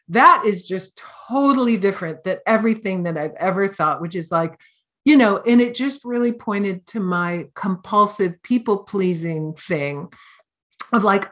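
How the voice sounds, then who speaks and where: A middle-aged woman teaching as a Buddhist teacher, giving a conversational dharma talk with lively storytelling and casual fillers. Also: mid-range voice, moderate pace.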